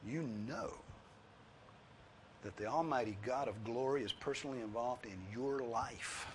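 A male pastor delivering a sermon in an earnest, pleading way. His voice sits at an ordinary middle pitch, sinking quiet and low before climbing to loud, high emphasis. A faint hiss runs under the recording. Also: measured pace. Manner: drops low and soft, then rises to loud, high emphasis.

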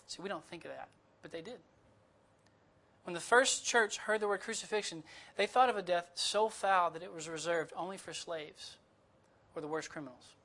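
A man with a high, bright voice delivers a sermon as a visiting preacher. He keeps it conversational, with light asides to the congregation, and sticks closely to his notes. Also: moderate pace. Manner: conversational, with humorous asides and disclaimers. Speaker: guest preacher.

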